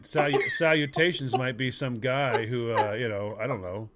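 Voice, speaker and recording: A man's voice: mid-range voice, steady tone, normal speed, a crowd in the background. A man co-hosting a podcast, talking in playful, rambling casual banter. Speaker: podcast co-host.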